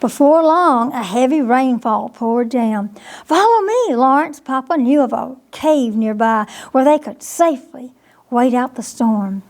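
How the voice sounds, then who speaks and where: Librarian, woman, reads a bedtime story slow and gentle, high voice, chats to the kids between pages. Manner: slow, gentle, asks the listeners questions. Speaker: children's librarian.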